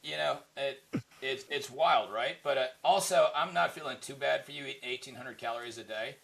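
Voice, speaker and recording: A man's voice: medium pitch, brisk, vocal fry, a bit bright. A man co-hosting a podcast in casual chat, rambling with lots of "you know, right?" fillers. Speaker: podcast co-host.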